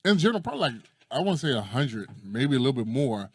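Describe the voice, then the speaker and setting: A man's voice: mid-range voice, fast talker, slightly rough, no room sound, studio quality. A man in casual chat, telling stories with lots of energy, acting out quotes and swearing freely. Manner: animated storyteller who acts out quotes and swears freely.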